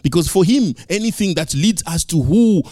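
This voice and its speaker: A man's voice: sits high, animated, moderate pace, warm tone, dry recording, clean studio sound. A male pastor preaching a sermon, emphatic and repeating key phrases.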